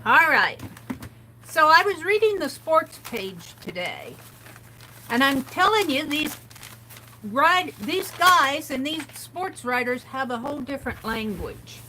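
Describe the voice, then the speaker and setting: A woman chats her way through a craft livestream, reading bits aloud and adding amused comments. Her voice is bright and a little high, and she speaks slowly and unhurriedly. A faint hiss sits under the recording. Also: big pitch swings, rough recording. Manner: chatty, reads quotes aloud with amused commentary. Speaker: art livestream host. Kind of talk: casual craft livestream chat.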